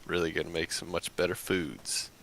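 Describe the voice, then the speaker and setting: Very deep gravelly dude, dry blunt gamer chat, faint hiss. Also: male voice, moderate pace, fairly bright tone. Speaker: co-host. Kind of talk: casual gaming chat.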